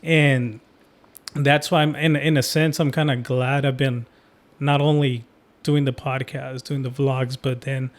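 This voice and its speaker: A young adult man hosts a casual podcast conversation. He talks in a relaxed, reflective way, with plenty of "like" and "right?". His voice sits at an ordinary middle pitch. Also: measured pace. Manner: relaxed, reflective, many fillers. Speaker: podcast host. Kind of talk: casual chat.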